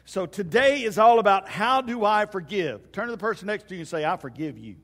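A man's voice: high-pitched, fairly quick, fairly bright tone. A man preaching a sermon as pastor in a church, folksy and joking as he tells stories. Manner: folksy storytelling with jokes. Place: church sanctuary. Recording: long hall reverb.

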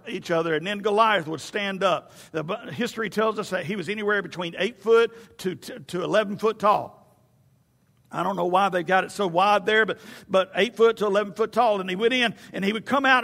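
Brief: lively male preacher, high bright voice, long echo of a church hall. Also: brisk, creaky. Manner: animated, storytelling with stammered restarts. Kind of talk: sermon.

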